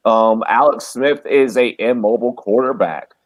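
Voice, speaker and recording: A man co-hosting a casual sports podcast over a call, cursing often and talking excitedly. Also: mid-range voice, normal speed. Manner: profane, excitable, laughs a lot. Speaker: podcast co-host.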